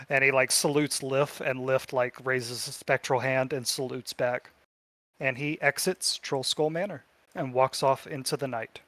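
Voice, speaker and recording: A man narrating a tabletop game as game master, telling the story in a relaxed way with fillers. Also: mid-range voice, a little slow, dry recording.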